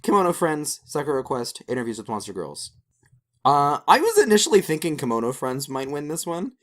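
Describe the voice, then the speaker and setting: A man's voice: fairly high pitch, brisk. A man co-hosting a casual podcast, swearing freely and joking around as he runs through a list. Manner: animated, swears casually, salty jokes. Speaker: podcast co-host.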